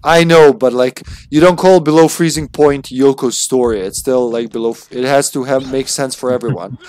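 A man's voice: medium pitch, fairly even intonation, darkish tone, no echo. A man streaming a retro video game, chatting casually with goofy jokes and swearing. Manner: goofy, swearing, quick to joke. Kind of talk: casual gameplay banter.

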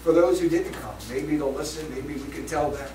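A man preaching a sermon as pastor, swinging between loud passages and hushed ones. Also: a little high, moderate pace, noisy background. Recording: echoey room from a distance.

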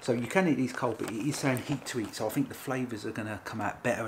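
A man's voice: mid-range voice, fast, few pauses, background noise. A man hosting a casual food review from his home kitchen, talking in a chatty, rambling, playful way. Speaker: food reviewer, channel host. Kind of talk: casual vlog chat.

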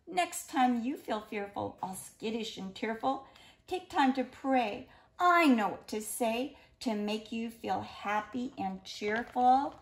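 A woman reading a rhyming children's picture book aloud in a gentle, expressive storytelling manner. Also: a little high, measured pace.

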